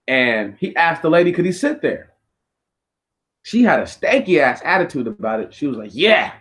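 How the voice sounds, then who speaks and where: Male streamer, blunt and profane storyteller, slightly higher voice. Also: very animated, moderate pace, a bit bright. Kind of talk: casual storytelling monologue.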